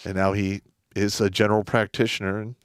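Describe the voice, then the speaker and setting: A lower-voiced man talks bluntly and curses through his stories, his delivery plain and direct. The recording is close and dry with no room sound. He breaks up his thoughts with quick asides and restarts. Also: level tone, clean tone, no room sound. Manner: blunt, profane, storytelling. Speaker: podcast host, veteran. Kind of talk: casual chat.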